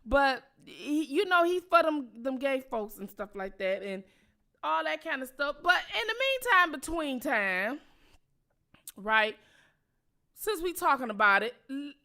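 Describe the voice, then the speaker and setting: Woman channel host, bright, fairly high voice, profane and emphatic commentary. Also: very animated, measured pace. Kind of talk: casual political commentary.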